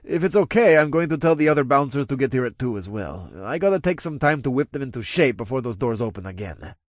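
A man's voice: medium pitch, lively intonation, fast, no echo, clean studio sound, lightly acted. A man voicing a male head bouncer, talking energetically about whipping his crew into shape. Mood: eager. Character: gruff male bouncer, eager to work.

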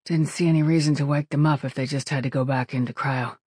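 A sick ship captain in an audiobook, rough-voiced and shivering, pushing words out through gritted teeth with grim humor, as the reader puts him on. The sound is close and dead dry. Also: male voice, on the high side, steady tone, quick pace, a little mellow, no echo. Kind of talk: audiobook character voice.

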